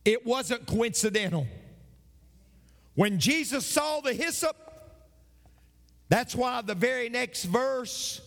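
A male pastor delivering an emphatic sermon, with dramatic pauses and repeated phrases. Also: very high-pitched, expressive, vocal fry, a bit bright, in a large hall.

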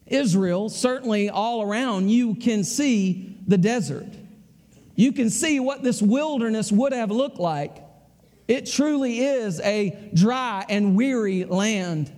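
A man's voice: high voice, a little mellow. Southern man, preacher, folksy conversational sermon, echoing church hall reverb. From American South.

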